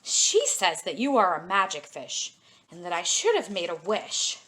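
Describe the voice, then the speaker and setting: A woman's voice: lowish voice, sing-song, unhurried, fairly bright tone. A woman voicing a humble, kindly poor fisherman who speaks earnestly and meekly in a storybook reading. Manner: earnest and meek.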